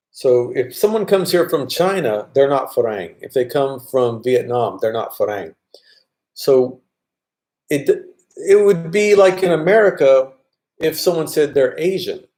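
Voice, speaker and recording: A man's voice: mid-range voice, dark tone. A man casually chatting on a live stream, reading viewer comments aloud and answering them. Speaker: vlogger answering live chat.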